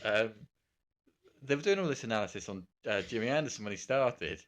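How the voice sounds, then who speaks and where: A fairly low-pitched man in relaxed podcast chat. He hesitates often and restarts his sentences, filling gaps with ums as he thinks aloud. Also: fairly quick. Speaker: podcast co-host. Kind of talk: casual chat about cricket.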